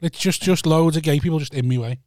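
A man's voice: fairly high pitch, quick pace, no echo, clean studio sound. Blunt, sweary man. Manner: blunt, sweary, deadpan banter. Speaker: podcast host. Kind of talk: casual chat.

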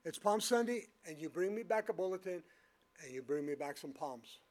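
A man's voice: a little high, expressive, moderate pace, a little mellow, lightly acted. A man voicing his doting, bossy mother as she coaxes and instructs her young son. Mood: coaxing. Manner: coaxing, firm.

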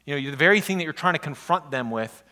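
With a fairly high, fast voice, a male pastor preaches conversationally, in a storytelling style. His retellings are animated and exasperated.

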